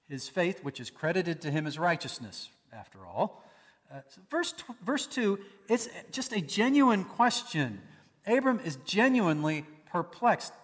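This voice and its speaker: A man's voice: on the high side, a bit bright. Man preaching in a reverberant hall. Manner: conversational preaching with rhetorical questions. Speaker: pastor. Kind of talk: sermon.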